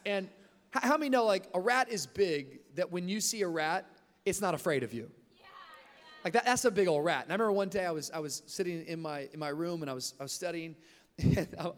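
Young guy preaching, high voice, big echoey church hall, gets loud. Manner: energetic storytelling, rising to shouts. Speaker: pastor. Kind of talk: sermon. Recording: long reverb of a large hall.

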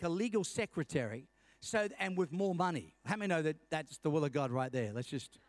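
A man's voice: sits high, dry recording. A middle-aged man preaching a sermon as senior pastor, telling stories and calling for amens from the congregation.

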